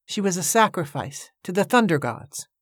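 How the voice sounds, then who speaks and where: A woman reading aloud, voicing a calm, knowing woman who explains things in a storybook. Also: lowish voice, normal speed, slightly rough, no echo, studio quality. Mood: explaining.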